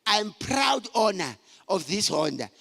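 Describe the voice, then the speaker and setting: A middle-aged man telling personal stories to a conference, animated and shouting for emphasis. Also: sits high, unhurried, creaky. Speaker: conference speaker. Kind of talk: motivational talk to men. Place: large conference hall. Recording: hall reverb.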